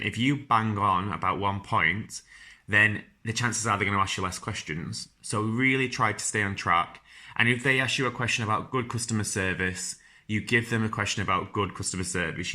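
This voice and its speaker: Bright-voiced Northern English man. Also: fairly low pitch, moderate pace. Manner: chatty, informal, lots of ums and restarts. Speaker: podcast host giving careers advice. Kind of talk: casual advice talk.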